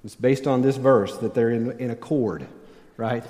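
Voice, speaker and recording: A man's voice: medium pitch, a little slow, warm tone. A middle-aged male pastor preaching a sermon in a church sanctuary, conversational and wry, with self-deprecating humor. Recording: long church hall reverb.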